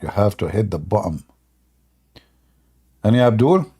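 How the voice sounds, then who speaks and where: An aged man tells a story on his livestream, laughing often and acting out the other people's lines. His voice is husky, with a mellow, dark tone. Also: lowish voice, measured pace. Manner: animated, laughs often, acts out quotes. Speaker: livestream host.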